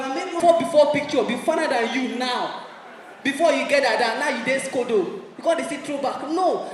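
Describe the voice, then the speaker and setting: A man with a Nigerian accent doing stand-up comedy in Pidgin and English, animated and shouting his punchlines. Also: extremely high pitch, slight background noise. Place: large hall with a crowd. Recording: echoey hall recorded from far off.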